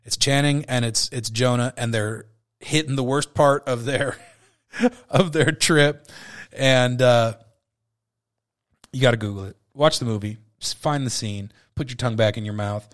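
Casual podcast guy in his 30s, swears a lot, rambles, lots of ums, middle-pitched voice. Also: a little slow. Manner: rambling, profane, with frequent fillers. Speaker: podcast host. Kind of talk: casual movie review chat.

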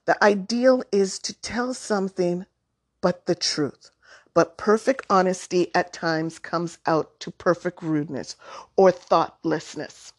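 Steady elderly grandfather, measured and unhurried, read by a woman in a storybook. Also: on the low side. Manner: measured, unhurried, gently instructive.

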